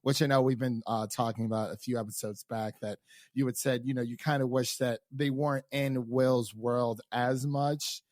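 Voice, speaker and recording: Enthusiastic man, mid-pitched, dry mic. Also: fairly even intonation, moderate pace, darkish tone, no room sound. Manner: enthusiastic, acts out his own reactions in quotes. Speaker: podcast co-host. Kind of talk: casual TV recap chat.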